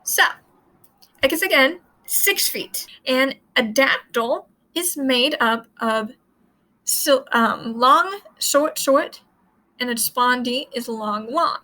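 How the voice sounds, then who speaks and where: A woman's voice: high-pitched, lively intonation, takes it slowly, sharp tone, poor audio. A woman teaching Latin in a casual, chatty way, repeating points and sounding out words as she explains.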